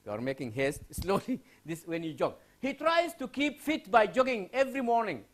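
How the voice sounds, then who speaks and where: A male university lecturer from Sudan teaching English writing to a class. His pitch swings widely as he questions students and repeats his points. He talks in a classroom. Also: moderate pace. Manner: lively, asks students questions and repeats phrases.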